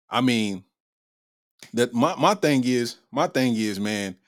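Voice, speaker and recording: Man, podcast host, slangy comedic commentary, lively pitch, dry close recording. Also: slow, no room sound. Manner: slangy, laughs often, loose and irreverent.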